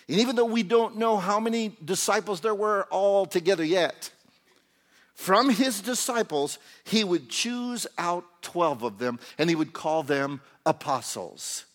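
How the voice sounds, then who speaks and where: A man delivers an animated sermon in a church. His voice sits high and leaps widely in pitch. He moves from loud to hushed and slips into acted-out voices as he preaches. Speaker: pastor.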